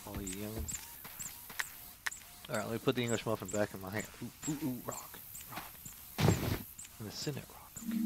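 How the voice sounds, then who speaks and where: A man's voice: mid-range voice, normal speed, noisy background. Jokey man rambling over gameplay. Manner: jokey, rambling, reads in-game notes aloud. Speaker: gameplay commentator. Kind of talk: casual let's-play commentary.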